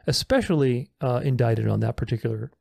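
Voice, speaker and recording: A man's voice: mid-range voice, fairly quick, gravelly, darkish tone, dry recording, studio quality. A man giving casual video commentary, reading viewer comments aloud and rebutting them in a sarcastic, argumentative way. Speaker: religious commentator responding to comments.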